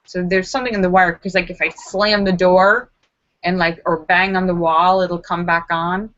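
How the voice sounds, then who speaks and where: A woman vlogger telling a story to camera in a casual, animated way, acting out her own screams and lines of dialogue. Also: lowish voice, normal speed, muffled recording.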